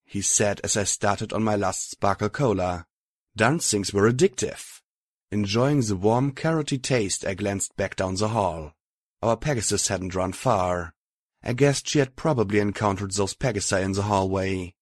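A man narrating an audiobook in a steady first-person reading. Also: lowish voice, moderate pace, dry recording, clean studio sound.

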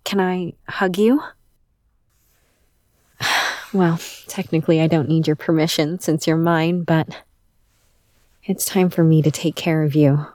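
A woman performing a romantic audio role-play, speaking softly and intimately to a listener, bossy at times and doting at others. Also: low voice, fairly even intonation, unhurried, pauses often, dry recording, clean studio sound.

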